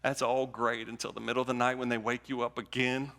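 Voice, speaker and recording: The delivery is flat and fast, from a mid-range voice that is creaky with a sharp edge. A male pastor preaches a conversational sermon in a church sanctuary, repeating and restarting as he builds his points, under long reverb.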